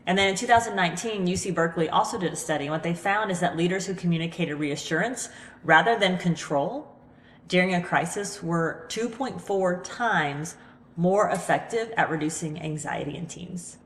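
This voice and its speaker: A woman hosting a podcast, talking earnestly and a little ramblingly about staying calm in a crisis, recorded in her living room. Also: lowish voice, normal speed, slight background noise. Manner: earnest, rambling, self-deprecating. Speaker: podcast host. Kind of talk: reflective motivational talk. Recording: echoey room with long reverb.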